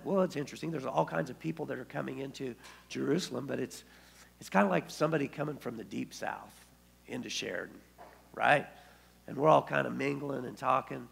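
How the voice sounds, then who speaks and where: A man's voice: medium pitch, gravelly, breathy edge. A man preaching a sermon as pastor, telling the story and acting out the quoted speech. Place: church.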